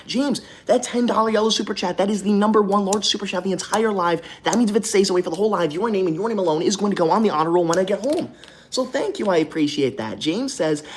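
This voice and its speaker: A young man hosting a livestream from a hotel room, reading super chats aloud and breaking into melodramatic, indignant outbursts. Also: high voice. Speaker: livestream host.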